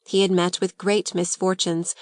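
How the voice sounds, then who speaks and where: A woman reading a classic novel aloud as an audiobook narrator, in clear, even storytelling. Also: on the low side, moderate pace, dry recording, clean studio sound.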